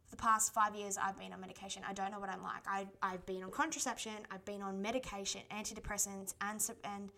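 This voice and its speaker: A woman's voice: medium pitch, a bit bright. A woman, telling a personal story as a podcast host and quoting what others said to her in a chatty way. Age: 20s.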